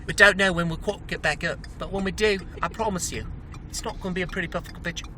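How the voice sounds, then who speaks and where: A man's voice: high-pitched, fast talker, pushed and bright, a little hiss or hum. A man putting on a fake British accent to play a pompous news reporter, recorded on a phone inside a car. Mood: mock-serious. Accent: put-on British. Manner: mock-formal announcing.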